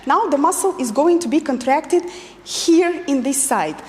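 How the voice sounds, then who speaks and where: High, lively woman teaching dance. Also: measured pace, in a large hall. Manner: counts beats and repeats cues rhythmically. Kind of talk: dance lesson instruction with counting.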